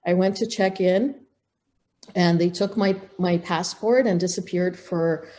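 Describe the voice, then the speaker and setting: A middle-aged woman, a podcast guest, telling a personal story in a lively way with restarts. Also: fairly low pitch, unhurried. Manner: animated, acts out quoted dialogue, frequent restarts. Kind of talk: casual storytelling in an interview.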